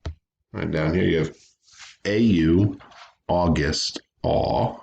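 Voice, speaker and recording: A man's voice: sits low, slow pace, creaky, darkish tone, a little hiss or hum. A man teaching a recorded phonics lesson to children, patiently sounding out words syllable by syllable.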